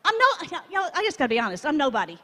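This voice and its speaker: A woman preaches at a gathering, drawing the audience in with questions and call-and-response. Her voice sits high and bounces all over, and it rings out in a big reverberant hall. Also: racing. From Texas. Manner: animated, chatty, asks the crowd to join in. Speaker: conference speaker. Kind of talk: preaching talk to a live audience.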